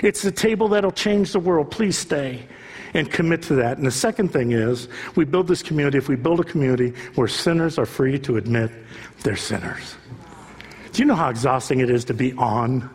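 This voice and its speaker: A man's voice: medium pitch, normal speed, husky. A male pastor preaching an impassioned sermon, building at times to a raised voice. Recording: long reverb of a large hall.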